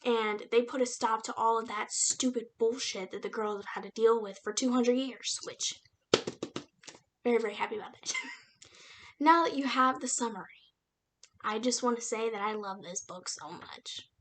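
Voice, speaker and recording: A woman's voice: on the high side, normal speed, a little hiss or hum. A young woman casually retelling a novel's plot in a chatty, slangy book review vlog, with lots of fillers. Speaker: book reviewer and aspiring writer.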